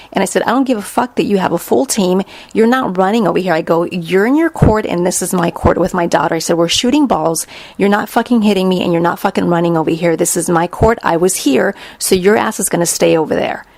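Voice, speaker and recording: Woman, middle-aged, gravelly voice, dry close sound, casual profane storytelling. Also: mid-range voice, fairly quick, no echo. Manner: blunt, profane, animated retelling. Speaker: podcast host.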